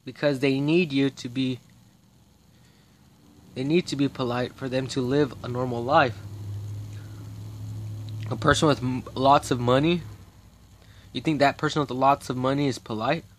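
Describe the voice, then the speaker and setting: A man's voice: medium pitch, fairly even intonation, a little slow, long pauses. A man talking straight to camera in a rambling, profane monologue, agitated and restarting his sentences often. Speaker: vlogger.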